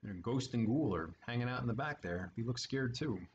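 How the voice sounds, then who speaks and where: Playful man reading to kids, animated lilting voice, echoey boomy room. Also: moderate pace. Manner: playful, chatty asides, lively. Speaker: storytime reader at art studio. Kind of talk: children's read-aloud with asides. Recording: echoey room, muffled, faint hiss.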